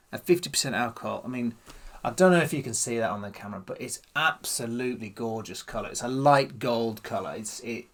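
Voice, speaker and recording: A man's voice: mid-range voice, fairly bright tone. A man hosting his own whisky channel, chatting casually to camera and musing aloud as he tastes. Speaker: whisky vlogger. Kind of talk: casual tasting chat to camera.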